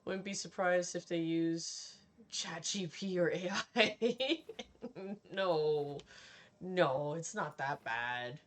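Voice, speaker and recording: A woman game streamer talks through her play in a relaxed, unhurried way, her voice sitting a little low. She is candid and chatty, breaks into laughter often and swears without a second thought. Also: a little hiss or hum. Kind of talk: casual live-stream commentary while playing.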